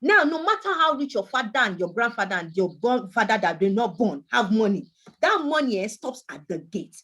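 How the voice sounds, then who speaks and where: A woman's voice: on the high side, brisk. A woman, talking emphatically as a panelist in a casual group discussion. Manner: animated, emphatic, talks over others.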